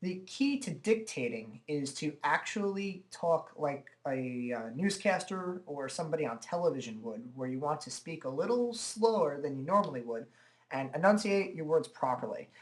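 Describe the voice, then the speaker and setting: A man giving a relaxed, chatty walkthrough of software at his computer, talking into a desk microphone and filling pauses with "uh" and "okay". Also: a little high. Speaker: software tutorial presenter. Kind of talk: casual screen-recorded software demo.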